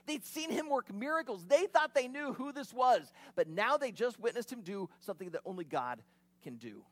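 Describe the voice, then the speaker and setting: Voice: mid-range voice, lively intonation, normal speed. A preacher giving an expository sermon, retelling the scene in a vivid, conversational way with casual asides.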